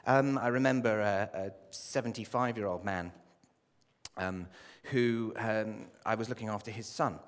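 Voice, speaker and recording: A man preaching a sermon as a pastor, with impassioned delivery that rises to loud pleading and drops low. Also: unhurried. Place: church. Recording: long hall reverb.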